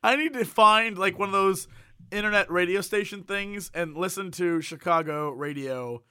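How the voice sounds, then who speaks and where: An excitable man co-hosting a casual chat, laughing a lot and reacting loudly. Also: high-pitched, normal speed, clear, resonant tone, no echo. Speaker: podcast co-host.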